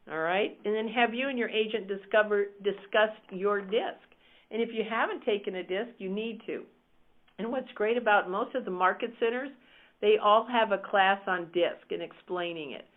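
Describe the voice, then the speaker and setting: Woman coach, emphatic and upbeat, teaching over a thin, phone-like line. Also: medium pitch. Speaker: real estate team coach.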